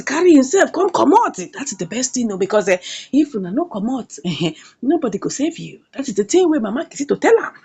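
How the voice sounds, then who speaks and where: A Nigerian woman reviewer recaps a comedy series in a casual, animated way. Her high voice leaps all over the place, with a gravelly fry at the ends of phrases. She repeats herself for emphasis and keeps checking in with "eh?".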